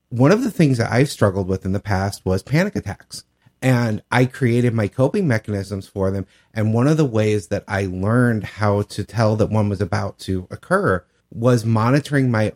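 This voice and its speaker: A man's voice: mid-range voice, darkish tone. A man co-hosting a podcast, sharing his own experience in a reflective, open way. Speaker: podcast co-host. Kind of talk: casual chat.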